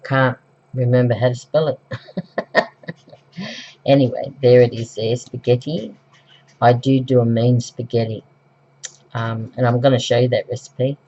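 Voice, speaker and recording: A woman's voice: rumbling low, fairly even intonation, a little slow, long pauses, mellow. A middle-aged Australian woman with the flu, chatting casually through a craft tutorial at home, rambling with lots of ums and self-corrections. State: recovering from flu. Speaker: craft vlogger. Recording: dull, lo-fi home recording.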